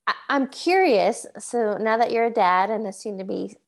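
A woman's voice: mid-range voice, moderate pace, gravelly. A woman hosting a casual interview as a coach, affirming and enthusiastic. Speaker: podcast host and coach.

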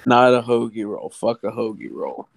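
A man co-hosting a podcast in casual chat, talking in a drawn-out, meandering way and swearing. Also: mid-range voice, animated, vocal fry, dry recording. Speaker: podcast co-host. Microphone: studio mic, no camera.

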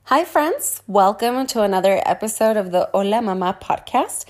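A young woman hosting a casual podcast, bubbly and quick to laugh, with a voice she calls high-pitched. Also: lively intonation, darkish tone. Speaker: podcast host.

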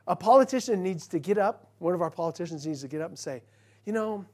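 A man preaching from the pulpit of a church, his voice sitting a little higher than most men's. He drops to a soft, confiding tone to tell a story, then rises loud and emphatic to press home a verse. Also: animated, brisk, long pauses. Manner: preaching, swinging from quiet storytelling to loud emphatic scripture lines. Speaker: pastor. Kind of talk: sermon.

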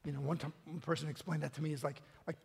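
A man's voice: fairly high pitch, level tone, racing, creaky, a little mellow, husky. A man preaching a sermon as pastor, talking in a loose, conversational way with restarts and small laughs. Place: church hall. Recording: long echo of a big hall.

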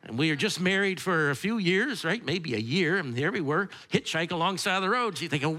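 Middle-aged preacher guy, kinda high voice, stumbles and repeats himself, folksy. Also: lively intonation, bright, forceful tone. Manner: halting, repeats words, folksy asides. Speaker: pastor. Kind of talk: sermon with opening prayer.

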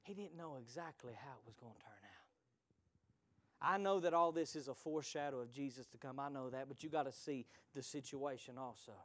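A man preaching a sermon to his congregation, moving between hushed whispers and shouted peaks and calling out to the listeners directly. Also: mid-range voice, a little fast. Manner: call-and-response preaching, addresses congregation directly.

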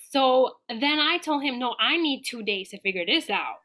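A woman guest on a podcast telling a personal story in a casual, animated way, acting out her own quoted dialogue. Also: high-pitched, a little fast, hardly any pauses.

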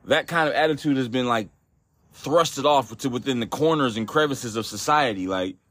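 A man's voice: medium pitch, moderate pace, a bit bright, no room sound. A man hosting a solo podcast, ranting in a profane, exasperated way with frequent restarts. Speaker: podcast host.

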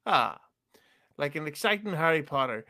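A man, a podcast guest trading deadpan, absurd jokes in casual chat. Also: a little high, moderate pace. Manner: joking, absurd deadpan quips.

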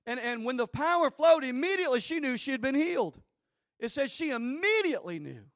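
A male pastor preaching a sermon in a church, telling the story with animated, emphatic repetitions. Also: extremely high pitch, a little fast, no room sound, clean studio sound.

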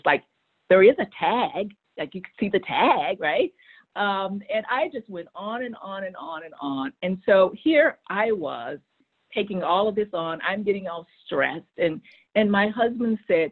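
A middle-aged woman, a guest on a show, telling a personal story in an animated way, often repeating words as she starts a sentence. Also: medium pitch, a little slow. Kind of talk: conversational storytelling. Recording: tinny phone-like line.

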